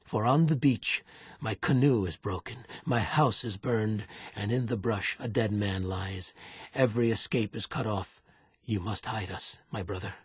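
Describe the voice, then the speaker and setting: A man's voice: lowish voice, unhurried, husky, dry recording. A man voicing a grave, hunted young fisherman.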